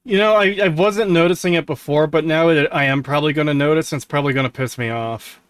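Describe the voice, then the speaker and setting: A man co-hosting a stream, chatting casually while reacting to a video, swearing freely and breaking into loud laughter. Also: a little high, quick pace, smooth, no echo. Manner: swears, laughs loudly, exasperated outbursts. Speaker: streamer co-host.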